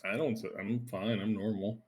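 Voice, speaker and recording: Loud, deep-voiced joking man. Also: steady tone, normal speed, slightly rough. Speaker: tabletop game player. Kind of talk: casual pre-game chat.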